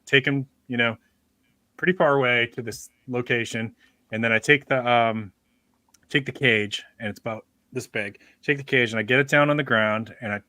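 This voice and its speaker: A man's voice: mid-range voice, moderate pace, pushed and bright, no echo, clean studio sound. A man hosting a podcast, telling a rambling, joking story in casual chat with many restarts. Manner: rambling, self-interrupting, joking. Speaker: podcast host.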